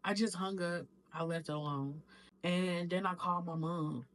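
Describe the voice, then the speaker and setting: A woman's voice: on the low side, fairly even intonation, moderate pace, rough recording. A woman vlogger telling her own story in a raw, emotional and profane way, while making juice at home. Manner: raw, emotional, profane retelling, acts out quotes. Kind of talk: candid personal storytelling.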